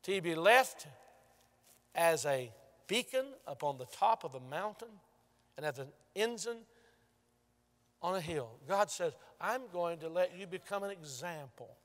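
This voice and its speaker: A male pastor preaching a sermon, telling stories and moving from loud to hushed. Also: high-pitched, expressive, a little slow, long pauses. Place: large church sanctuary. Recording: long church reverb.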